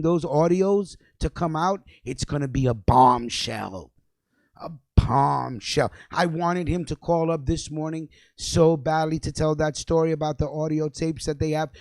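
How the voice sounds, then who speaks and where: A man's voice: on the high side, darkish tone, no echo. A young man hosting a radio show, delivering a fiery, profane, repetitive freestyle rant.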